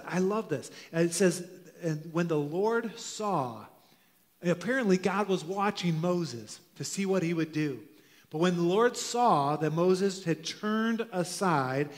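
Earnest pastor preaching in a reverberant church. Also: male voice, a little high. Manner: earnest, stretches key phrases slowly for emphasis. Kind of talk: sermon. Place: church sanctuary. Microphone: handheld microphone. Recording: long hall reverb of a church.

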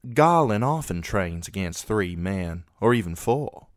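A man voicing a courteous, guarded young knight in a measured, polite way. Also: low-pitched, lively intonation, dry recording, studio quality.

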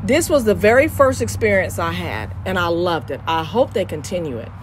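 A woman's voice: fairly low pitch, lively intonation, moderate pace, background noise. A woman with an East Texas Southern accent hosting Christian radio, talking in an exuberant, preachy way and repeating her phrases. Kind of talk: lively radio chat.

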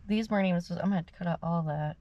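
Casting note: a mother recording a video diary, low, gravelly voice, rambling and soft, dry and slightly muffled sound. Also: very fast, no room sound. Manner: rambling, soft-spoken, fighting tears at times. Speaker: vlogger and mother. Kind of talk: casual personal video diary.

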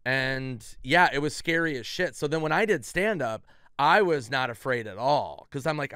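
Smooth-voiced man telling animated stories. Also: medium pitch, normal speed, dry recording, studio quality. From Minnesota, USA. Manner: animated storyteller who acts out quotes in varied voices. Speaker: podcast guest, comedian. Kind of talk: casual storytelling chat.

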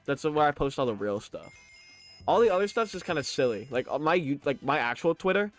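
A man's voice: on the high side, very animated, brisk, soft background music. Young man talking through a lisp. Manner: chatty and joking, laughs often, stammers on restarts. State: slurred lisp, mouth held open by new braces, full of saliva. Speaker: live streamer. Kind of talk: casual live-stream chat, reading chat aloud.

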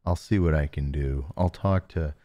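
A man hosting a live stream, chatting casually with viewers and talking softly close to the mic to save his voice. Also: extremely low pitch, normal speed. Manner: joking, reads chat names aloud. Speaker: livestream host.

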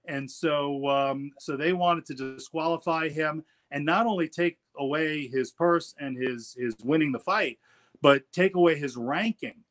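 A man's voice: on the high side, measured pace, a bit bright. A middle-aged man, an attorney guest, telling stories in casual interview talk and often repeating words as he goes.

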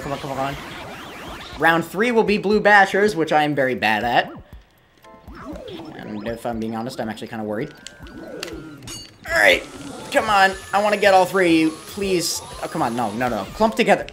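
A man narrating his gameplay in a casual, running commentary, quick to curse and plead when things go wrong. His pitch is lively and leaps around between calm remarks and sudden outbursts. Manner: easily frustrated, swears and pleads at the game. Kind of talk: let's play commentary.

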